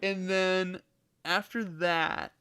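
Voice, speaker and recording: Young man, casual podcast chat, laughs a lot, lively storyteller. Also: high-pitched, extremely slow, clear, resonant tone. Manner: laughs often, animated retelling. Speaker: podcast co-host. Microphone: podcast mic.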